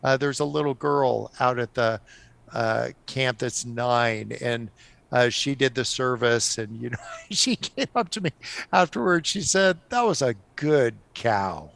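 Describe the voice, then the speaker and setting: A middle-aged man telling stories on a podcast as a guest, animated and often laughing. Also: medium pitch, unhurried, gravelly, a little hiss or hum. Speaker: guest author. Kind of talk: casual storytelling on a podcast.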